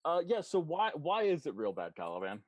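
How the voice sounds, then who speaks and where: A man narrating as game master of a tabletop game, relaxed and amused, with many fillers. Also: a little high, fairly quick, dry recording.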